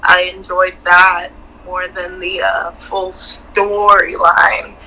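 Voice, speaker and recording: A woman who is a guest on a casual podcast, talking in a relaxed, chatty way. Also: on the low side, slow, rough recording. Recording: faint background noise.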